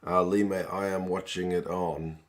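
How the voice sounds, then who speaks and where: A low-voiced man hosts a live watch-along stream, answering viewers by name in a loose, chatty way. His voice is hoarse and rough, close to giving out. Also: little pitch movement, moderate pace. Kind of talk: live stream chat reading viewer comments.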